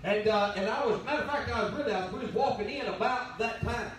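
A man's voice: high-pitched, fast, a bit bright. A man preaching a sermon as pastor, telling folksy stories. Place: church sanctuary. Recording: very echoey church from a distance.

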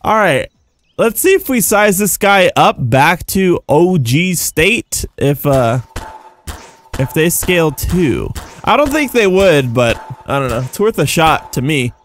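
A young man giving casual, rambling gameplay commentary as a YouTuber, excitable and jumping between high and low. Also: a little slow, soft background music. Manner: excitable, rambling, jumpy pitch swings. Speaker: gaming YouTuber.

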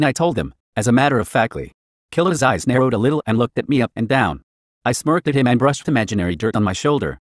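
A man reading a first-person fan fiction story aloud in an even, flat manner. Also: mid-range voice, fast talker, no room sound, clean studio sound. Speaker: narrator.

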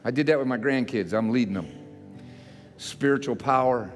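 An older man, a pastor, preaching a sermon in a folksy, self-mocking way that builds into loud, emphatic repetition. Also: medium pitch, moderate pace. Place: church sanctuary. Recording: church hall reverb with faint music.

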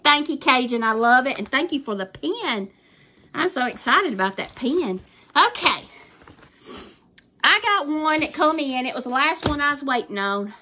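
A woman's voice: high voice, lively intonation, moderate pace, bright, forceful tone, slight background noise. An older woman with a Southern US accent, chatting casually and gushing through a craft unboxing with folksy phrasing. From Southern United States. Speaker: crafting YouTuber.

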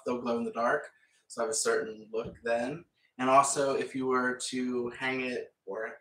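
There's a little hiss or hum behind this painting vlogger, whose medium-pitched voice comes across bright and forceful. He laughs often while rambling casually as he paints, captured from a distance in an echoey space.

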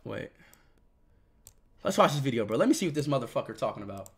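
A young man streaming live, reacting loudly, swearing and breaking into sudden shouts. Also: mid-range voice, sing-song, quick pace, vocal fry, over music. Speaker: livestreamer.

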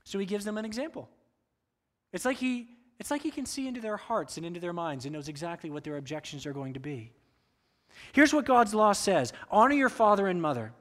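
A male pastor preaching from the pulpit of a church. His voice sits a little high, and his delivery is expressive as he acts out the voices in the quotes he tells. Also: a little fast. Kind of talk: sermon. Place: church sanctuary.

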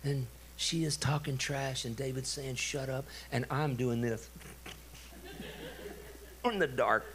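A middle-aged man, a pastor telling a story in a sermon, animated and laughing. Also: medium pitch, normal speed, hardly any pauses, a little hiss or hum. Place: church.

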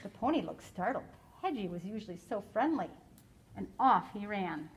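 A woman teacher reading a picture book aloud to children, animated, stopping to explain and ask questions in a classroom. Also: medium pitch, moderate pace, a little hiss or hum, low-quality recording.

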